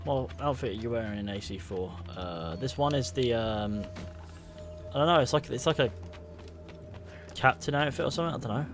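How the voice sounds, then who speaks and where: A man streams a game live, talking in a loose, sweary way and trading jabs with his chat. His voice sits at a middle pitch. Soft music plays faintly behind him. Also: animated, normal speed. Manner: casual and sweary, banters with chat. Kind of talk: live gameplay commentary.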